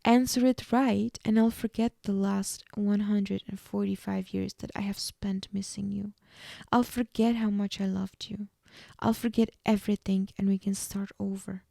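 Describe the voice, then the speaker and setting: A woman's voice: mid-range voice, little pitch movement, moderate pace, vocal fry, few pauses, dark tone, dry recording, studio quality, lightly acted. Woman reading as Damon, a brooding vampire man. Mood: hushed. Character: brooding heartbroken male vampire.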